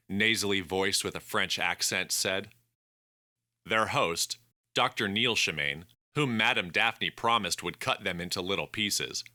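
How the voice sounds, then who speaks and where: Slow, bright-toned male audiobook narrator. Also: low-pitched, dry recording, studio quality. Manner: measured, expressive storytelling.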